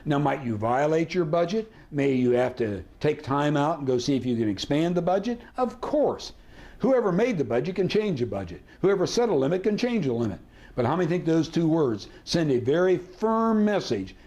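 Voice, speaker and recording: A man's voice: a little high, big pitch swings, moderate pace, a little mellow. Man teaching negotiation with rhetorical questions. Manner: asks the audience rhetorical questions and acts out sample dialogue. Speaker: negotiation trainer. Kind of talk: seminar teaching.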